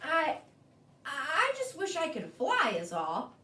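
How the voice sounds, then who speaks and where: A woman's voice: sits high, huge pitch swings, slow pace, bright, forceful tone, heavily acted. Woman putting on a wistful dreamy crab. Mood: hesitant. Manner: dramatic, sing-song. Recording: echoey room, mic at a distance.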